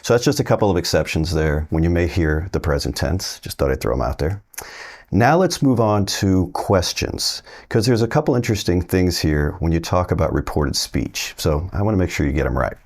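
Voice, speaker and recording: A man teaching a casual video lesson, explaining slowly and loosely with plenty of fillers. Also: deep voice, expressive, darkish tone. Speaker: Spanish teacher.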